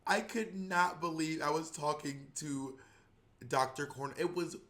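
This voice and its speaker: Bright animated man, casual chat. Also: on the high side, unhurried. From not from New York. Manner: animated, laughing, acts out voices. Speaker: podcast co-host.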